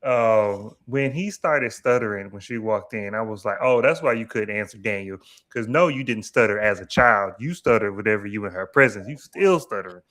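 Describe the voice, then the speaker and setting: A man's voice: lowish voice, normal speed, hardly any pauses, a bit bright. A man co-hosting a casual chat about a TV episode, musing and often restarting his words. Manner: hesitant, repeats words, musing. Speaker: podcast co-host.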